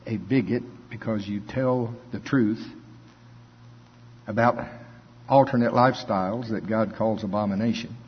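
Husky-voiced male preacher. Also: lowish voice, steady tone, unhurried. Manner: conversational, chuckles between points. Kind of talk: sermon with scripture reading. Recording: dull lo-fi recording.

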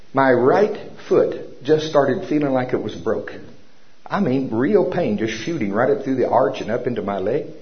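A man preaching a sermon in a church service, telling a personal story and making commanding declarations of faith. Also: mid-range voice. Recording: dull lo-fi recording.

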